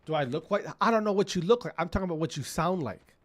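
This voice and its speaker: Talking fast in an animated, high-sitting voice, this man streams gameplay and offers casual commentary. He rants profanely at his teammates and repeats himself while gunfire from the game rings out.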